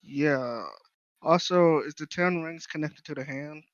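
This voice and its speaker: A man's voice: on the high side, unhurried, dry recording, lo-fi sound. A man joining a casual podcast chat, blunt and full of slang.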